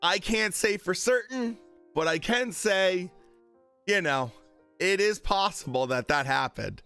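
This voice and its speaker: A man's voice: high voice, lively intonation, measured pace, pushed and bright, clean tone, faint music behind. A man chatting casually on a live stream about boxing, with many fillers and retold quotes.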